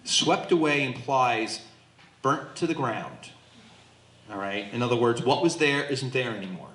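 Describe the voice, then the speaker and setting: A man leading a Bible study as pastor, teaching in an animated way and acting out the voices in the text to his group. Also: medium pitch, unhurried. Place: church hall with a small group. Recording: echoey room.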